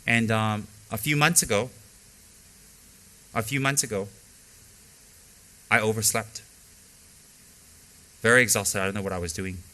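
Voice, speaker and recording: A man's voice: on the low side, steady tone, a little slow, long pauses, sharp tone. A middle-aged man giving a spoken dharma teaching as a Buddhist teacher, emphatic and repeating key phrases for stress, mixing in candid stories from his own practice. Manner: candid personal storytelling.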